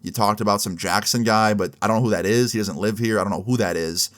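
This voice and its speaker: A man telling a story in a casual vlog, chatty and animated with lots of slang fillers. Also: on the low side, quick pace.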